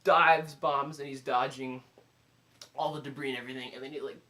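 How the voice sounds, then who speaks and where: A man giving a casual spoken movie review, animated and full of fillers, acting out his own reactions. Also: mid-range voice, brisk, slight background noise.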